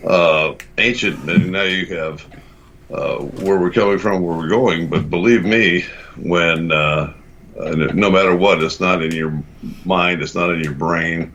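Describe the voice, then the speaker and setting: A man talking in a roundtable discussion, earnest and spiritual, often halting and restarting. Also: sits low, fairly bright tone. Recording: muffled lo-fi audio with faint hiss.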